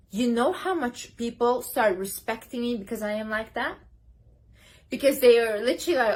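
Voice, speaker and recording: A woman's voice: on the high side, measured pace, fairly bright tone. A young woman giving a casual, emphatic motivational talk to camera, gesturing as she speaks. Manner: emphatic, talks with hand gestures.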